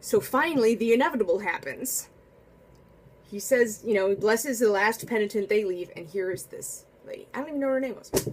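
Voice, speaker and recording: A woman telling a casual spoken anecdote in a chatty, animated way, full of asides and restarts. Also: medium pitch, brisk, a little hiss or hum. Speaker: storyteller.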